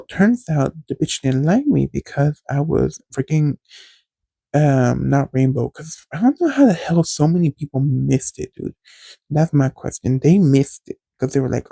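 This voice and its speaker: A man's voice: on the high side, gravelly, dark tone, no echo. A young man, hosting a podcast and telling a sassy, profane story about his past with dramatic quoted voices, recorded on a phone. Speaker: podcast host. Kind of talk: casual storytelling monologue.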